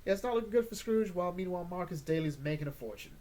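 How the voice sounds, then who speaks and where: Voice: medium pitch, lively intonation, rapid-fire, dark tone. A host casually recapping a comic story, laid-back with chuckling asides.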